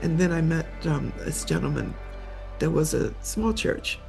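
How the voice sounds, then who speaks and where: An older woman, a memoir author and interview guest, telling a personal story in a halting way, repeating words as she gets tearful. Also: deep voice, animated, vocal fry, darkish tone, faint music behind.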